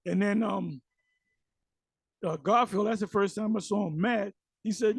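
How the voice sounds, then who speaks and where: A man giving ranting religious commentary on clips, animated and mocking, with many fillers. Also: sits high, moderate pace, gravelly, husky, no echo, rough recording.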